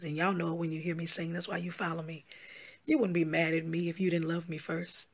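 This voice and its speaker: A woman's voice: fairly low pitch, level tone, a little fast, breathy edge. A woman pastor speaking straight to her followers in a video, emphatic and pleading, and she often repeats herself. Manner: emphatic, pleading, repetitive, calls listeners "y'all" and "honey". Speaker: pastor and gospel singer. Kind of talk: direct-to-camera social media address.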